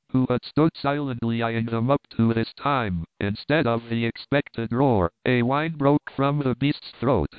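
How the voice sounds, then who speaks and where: A man reading an adventure story aloud in a steady, measured narration. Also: mid-range voice, clean tone, dry recording. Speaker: audiobook narrator. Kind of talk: scripted narration. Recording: dry, tinny phone-like sound.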